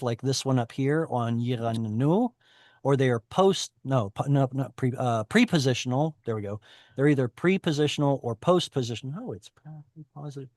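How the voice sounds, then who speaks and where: A man's voice: medium pitch, a little mellow, no echo, studio quality. A man teaching a Hebrew reading class over a video call, explaining at length and correcting himself often. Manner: explanatory, self-correcting, chatty.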